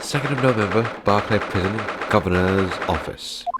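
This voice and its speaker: A man reading video game dialogue aloud as a let's play narrator, casual and halting. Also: fairly low pitch, very noisy. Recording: game music behind voice.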